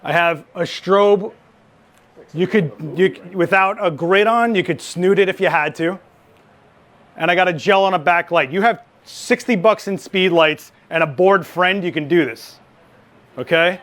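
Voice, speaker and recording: A man running a live photography lighting demo, chatty and joking, with quick asides. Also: sits high, a bit bright. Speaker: photography instructor.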